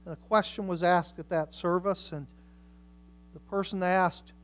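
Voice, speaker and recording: A woman preaching a sermon with passion, swinging from hushed lines to loud, emphatic ones. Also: lowish voice, steady tone, measured pace.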